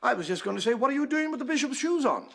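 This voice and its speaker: A man's voice: very high-pitched, lively intonation, racing, vocal fry, very noisy, voice pushed up, full character voice. A man voicing a prim elderly Mother Superior in a joke, mild and matter-of-fact.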